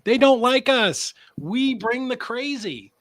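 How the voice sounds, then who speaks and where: A man, a business owner, pitching his service in a casual, energetic live webinar, often asking "right?" and letting a swear slip. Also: slow pace. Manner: animated delivery, swears. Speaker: transaction coordination business owner.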